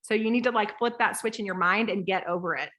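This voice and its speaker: A woman in her thirties coaching a group call, lively and rambling, acting out voices as she talks. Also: mid-range voice, fast talker.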